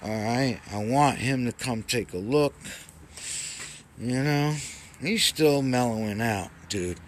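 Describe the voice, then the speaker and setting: A man casually rambling in a home vlog, cooing softly at his cats. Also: medium pitch, takes it slowly, slight background noise. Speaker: vlogger. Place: home indoors.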